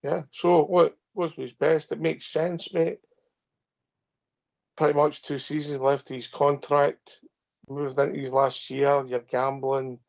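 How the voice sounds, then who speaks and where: A man's voice: on the high side, flat delivery, unhurried. A Scottish man hosting a fan phone-in, talking bluntly in short punchy sentences with "mate" at every turn. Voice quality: gravelly. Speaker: host of a fan phone-in show. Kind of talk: casual chat. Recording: muffled lo-fi audio.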